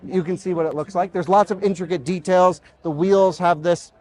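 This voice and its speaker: A man's voice: sits high, fairly even intonation, normal speed, darkish tone. A man hosting a car review, presenting a concept car in a casual, enthusiastic walkaround at an outdoor car show. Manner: enthusiastic, talks with fillers and asides. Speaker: automotive reviewer and host.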